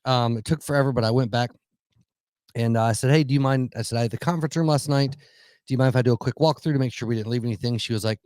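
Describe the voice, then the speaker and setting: Podcast dude cussing a lot, mid voice, dry sound. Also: male voice, mid-range voice, quick pace, darkish tone, no echo. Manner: swearing, laughing, loose banter. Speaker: podcast co-host. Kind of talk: casual chat.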